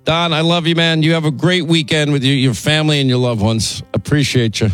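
Fast-talking male radio host. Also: on the high side, steady tone, a bit bright, soft background music. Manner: rapid, self-interrupting, stammering restarts. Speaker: radio talk show host. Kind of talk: call-in talk radio.

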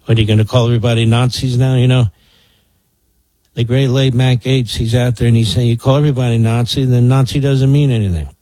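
A man's voice: mid-range voice, steady tone, fast talker, warm tone, no echo, poor audio. A man in his sixties from the Philadelphia area, hosting political talk radio in a sarcastic, mocking, emphatic way. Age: 60s. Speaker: radio talk show host.

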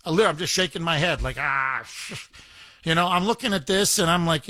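Indignant talk radio host. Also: male voice, fairly high pitch, normal speed, dry recording, clean studio sound. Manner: indignant, animated, repeats himself.

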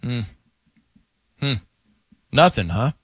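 Lively-voiced male sports radio host. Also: mid-range voice, slow, no room sound. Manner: rambling and joking, many fillers and restarts. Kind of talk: casual sports radio banter.

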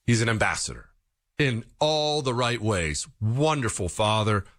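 A man's voice: lowish voice, sing-song, unhurried, fairly bright tone, no room sound, clean studio sound. A man delivering an opinion monologue to his listeners, full of rhetorical questions and mock-quoted voices. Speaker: political commentator.

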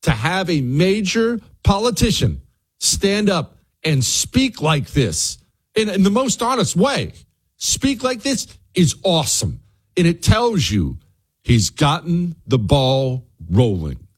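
A man's voice: fairly high pitch, huge pitch swings, takes it slowly, husky. A man hosting a talk radio show, giving a fired-up monologue and speaking directly to his listeners.

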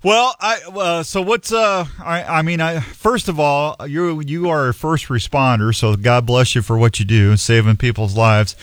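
A man's voice: fairly high pitch, measured pace, few pauses, no echo. A man hosting a talk radio show, chatting casually in a joking, self-deprecating, rambling way.

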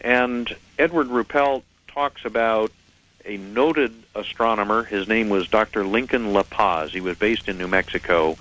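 Measured low-voiced radio guest. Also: male voice, fairly bright tone, rough recording. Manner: measured, articulate, explanatory, precise. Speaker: radio guest, head of a UFO reporting center. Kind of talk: phone-in radio interview.

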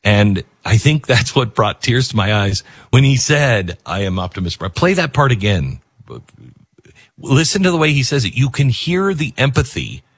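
A man's voice: mid-range voice, breathy edge, no echo, clean studio sound. A man hosting a talk show, speaking emotionally and rambling, with many restarts. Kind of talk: casual talk radio commentary.

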